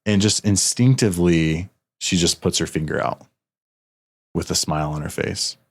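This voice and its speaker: Earnest low-voiced man telling a story. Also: normal speed. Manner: earnest, emotional storytelling with many restarts. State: a little emotional. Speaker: podcast host. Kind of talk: casual podcast conversation.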